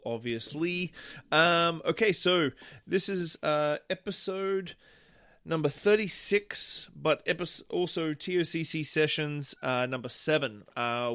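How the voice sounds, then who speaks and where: Rambling man hosting a podcast. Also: on the high side. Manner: relaxed, rambling with many fillers. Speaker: podcast host. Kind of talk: casual interview chat. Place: bar or room, recorded on a phone. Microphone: phone recorder. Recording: echoey room.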